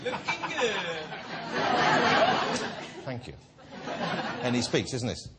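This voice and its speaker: Playful male chat show host, soft r. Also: medium pitch, wildly swooping pitch, over a noisy crowd. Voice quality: soft r sounds that blur toward w. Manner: playful, teasing, quick to laugh. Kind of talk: lively studio chat show hosting. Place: TV studio with a live audience. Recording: loud studio audience and noise.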